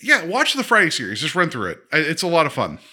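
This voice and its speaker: Animated, bright-voiced male podcast co-host. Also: a little high, quick pace. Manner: joking, laughs often, many fillers. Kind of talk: casual chat.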